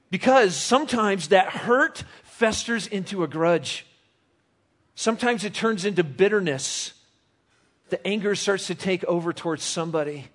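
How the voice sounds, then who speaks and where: A middle-aged man delivers a sermon with a somewhat high voice. He talks to the congregation casually, teasing them and asking them questions. He moves between reading scripture aloud and explaining it in his own words. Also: fairly bright tone. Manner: conversational, jokes with the congregation. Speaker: pastor.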